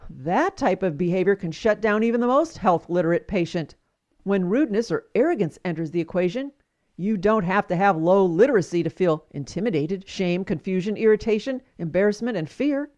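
A woman's voice: medium pitch, animated, moderate pace, a little mellow, lo-fi sound. A woman hosting a podcast, giving scripted commentary with wry, emphatic storytelling. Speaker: podcast host.

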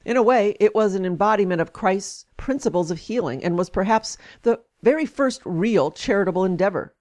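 A woman reads a long first-person essay aloud, leaning into its emphatic turns. Her pitch sits in a middle range for a woman, and her delivery is steady and spoken rather than performed. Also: fairly quick. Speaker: speaker reading an essay aloud. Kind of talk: reading aloud, then commenting.

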